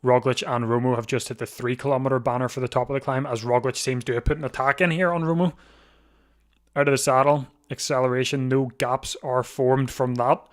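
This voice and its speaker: Sleepy and yawning, this man hosts a live bike race watch-along in a mid-range voice with fairly even intonation. He's a chatty stream host who thinks out loud, restarts his sentences frequently, and is quick to laugh.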